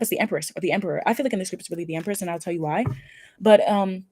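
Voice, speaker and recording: A woman's voice: lowish voice, rapid-fire, a little mellow, a little hiss or hum. A woman giving a casual pick-a-card tarot reading, effusive and emphatic, with casual swearing. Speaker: tarot reader.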